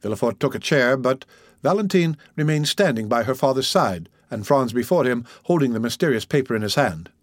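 A man narrating a classic novel as an audiobook, reading in a measured, even way. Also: medium pitch, no room sound.

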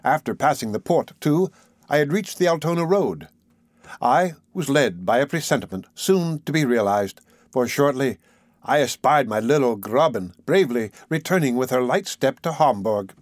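A man reading a classic novel aloud in a measured, expressive way. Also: medium pitch, no room sound, clean studio sound. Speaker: audiobook narrator. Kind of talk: scripted narration of a classic novel.

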